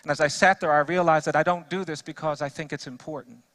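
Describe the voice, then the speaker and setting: A man, a defense lawyer, giving an earnest storytelling speech to a church audience. He drops soft in sad passages and builds to emphatic repetition when he preaches. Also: fairly high pitch, fairly even intonation, fast talker.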